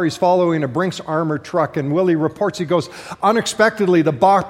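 A man preaching a sermon to his congregation, telling stories and joking with the room in an animated way. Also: sits high. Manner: animated storytelling with jokes to the congregation. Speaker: pastor. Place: large church hall. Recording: reverberant church hall.

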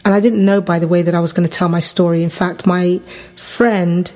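A middle-aged woman from England telling her personal testimony as a podcast host, acting out the voices in her story. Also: a little fast. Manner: animated, acts out quoted voices with big pitch jumps.

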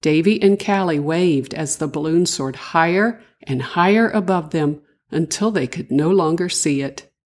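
Reading a children's tale aloud, an older woman with a grandmotherly air speaks in a breathy, low, sing-song voice. She is gentle and unhurried, and she barely pauses.

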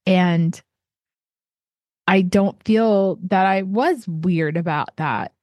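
A woman from southeastern Ohio speaks in a casual, heartfelt monologue, her voice sitting a little low. She rambles, circling back with fillers and restarts. The sound is close and dry, with no room around it. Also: drawn-out words, no room sound, lo-fi sound. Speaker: artist.

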